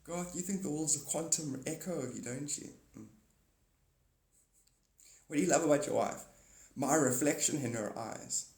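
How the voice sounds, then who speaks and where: A man's voice: medium pitch, echoey room, poor audio. A man streaming live, chatting in a rambling, joking and cynical way, sometimes acting out little voices.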